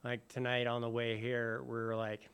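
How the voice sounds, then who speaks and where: A man telling his sobriety story in a halting way, full of fillers and restarts. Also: mid-range voice, completely flat delivery, a bit bright, clean tone. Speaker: recovery speaker sharing his story. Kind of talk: personal recovery talk.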